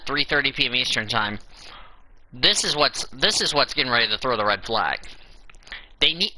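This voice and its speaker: Sharp-voiced man ranting casually as host. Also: medium pitch, a little hiss or hum, low-quality recording. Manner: reads out a schedule with exasperated asides. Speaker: show host. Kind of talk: casual podcast commentary.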